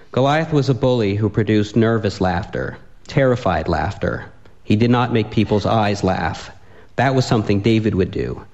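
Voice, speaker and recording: A man reading a comic story aloud with a dry, deadpan delivery. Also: lowish voice, muffled recording.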